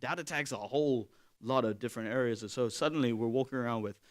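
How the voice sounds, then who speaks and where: A man's voice: mid-range voice, quick pace. A young man preaching a sermon, telling a story in a loose, conversational way with fillers and repeats.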